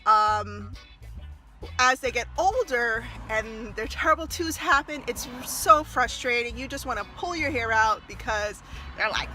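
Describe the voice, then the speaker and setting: Woman, mother giving parenting advice, casual vlog, animated, laughs often, sharp clear tone. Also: high voice, normal speed, faint music behind. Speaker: former early childhood teacher.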